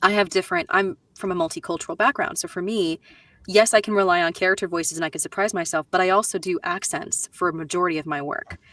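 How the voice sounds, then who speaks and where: A woman's voice: lowish voice, expressive, fast talker, fairly bright tone, no echo, distant mic. A woman voice actor in a live panel discussion, giving emphatic practical advice. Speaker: voice actor guest.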